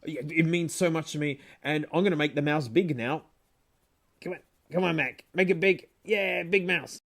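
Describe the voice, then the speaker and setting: Guy chatting about how he edits his vids, kinda high voice, laughs a bit. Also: moderate pace, gravelly, fairly bright tone. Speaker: video creator. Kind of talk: casual chat.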